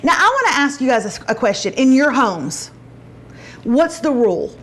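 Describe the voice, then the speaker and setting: Woman host, middle-aged, animated storyteller, higher voice. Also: moderate pace, a little hiss or hum. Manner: chatty storytelling, acts out quotes with big pitch jumps. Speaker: show host. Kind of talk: casual chat show.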